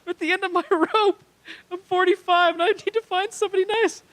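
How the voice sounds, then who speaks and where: A lonely, tearful dominatrix woman in her mid-forties, wailing in a squeaky falsetto, as a male comedian puts her on. Her voice jumps up high and cracks as she sobs out her lines. The voice is bright and thin. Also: fairly even intonation, fairly quick. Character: weepy lonely 45-year-old woman dominatrix. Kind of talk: stand-up comedy. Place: small comedy club stage.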